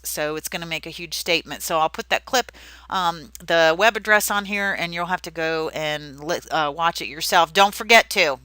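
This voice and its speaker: A woman's voice: on the low side, pushed and bright, no room sound, poor audio. A woman teaching a recorded history lesson over slides, talking in a conversational, emphatic way with fillers and repeated words.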